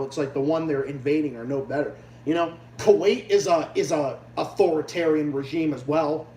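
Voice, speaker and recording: A livestream host from Massachusetts, USA, rants in a heated, blunt and profane way, his voice on the high side with a darkish tone. The room is echoey, the mic distant, and a faint hum sits underneath.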